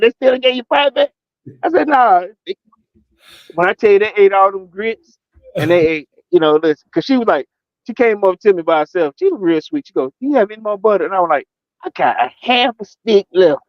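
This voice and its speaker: Male co-host, lively raconteur, bright high pitch, dry lo-fi audio. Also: dry recording. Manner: animated storyteller, acts out quotes, laughs often. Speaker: podcast co-host. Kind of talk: casual storytelling chat.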